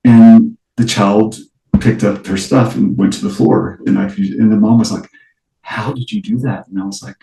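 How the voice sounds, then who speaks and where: Gravelly, low-voiced man in an echoey room. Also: level tone, moderate pace, warm tone, far from the mic. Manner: earnest, rambling with many fillers and restarts. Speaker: early childhood educator, guest. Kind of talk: casual interview conversation.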